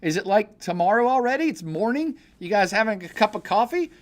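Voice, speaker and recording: A middle-aged man hosts a casual livestream podcast, reading chat messages aloud. He talks in a jokey, animated way, getting loud and excited one moment and dropping to low mutters the next. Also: a little fast.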